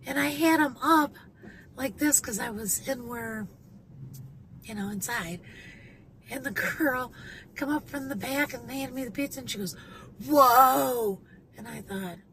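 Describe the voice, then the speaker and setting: A woman in her fifties talks in a loose, rambling way, with plenty of fillers and restarts. Her voice sits high. Clear car and road noise runs behind her, as she records in her car. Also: measured pace, pauses often, fairly bright tone, poor audio. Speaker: vlogger. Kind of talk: casual vlog update. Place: inside a car.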